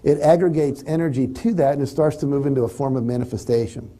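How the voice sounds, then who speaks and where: A man's voice: medium pitch, quick pace. A man giving a live motivational seminar, talking to the audience and acting out the thoughts people have. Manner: animated, acts out quoted thoughts. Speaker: motivational speaker.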